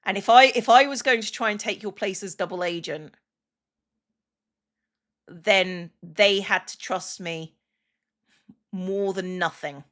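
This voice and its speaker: A woman's voice: medium pitch, slow pace, pauses often, a bit bright. A woman, a streamer, chatting casually and emotionally on a livestream. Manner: chatty and emotional, with many restarts and "like" fillers.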